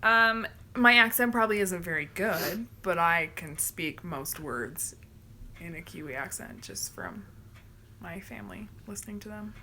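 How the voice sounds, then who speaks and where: A woman tells stories in animated, casual livestream chat, often acting out what others said. Her tone is bright, with a faint room hiss behind her. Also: fairly low pitch, measured pace. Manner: animated storyteller, quotes people. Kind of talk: casual live-stream chat.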